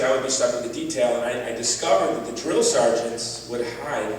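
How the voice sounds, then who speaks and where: A man's voice: mid-range voice, slight background noise. A man giving an earnest personal testimony as a gala speaker, with touches of wry humor. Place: large event hall. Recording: distant echoey hall recording.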